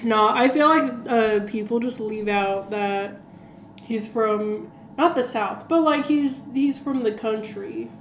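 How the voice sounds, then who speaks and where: Higher-pitched giggly woman, slow talker. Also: slight background noise. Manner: giggly, heavy use of "like" fillers. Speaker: podcast co-host. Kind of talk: casual chat. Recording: roomy echoey room.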